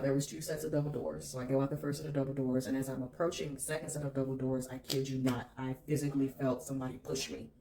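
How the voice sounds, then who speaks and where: A woman's voice: a bass voice, a little mellow. A woman vlogger telling a personal story in an emphatic, candid way, swearing freely.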